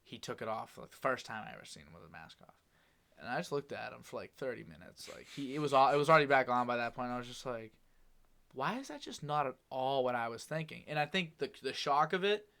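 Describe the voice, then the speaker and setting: A young man hosting a casual podcast chat, talking quickly and rambling with a mumble. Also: mid-range voice, expressive, vocal fry, a bit bright. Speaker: podcast host.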